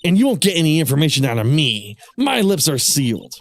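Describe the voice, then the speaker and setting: A man voicing a prickly old woman security guard in a shrill, cackling voice, reading game dialogue aloud. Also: sing-song, brisk, dry recording. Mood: stubborn.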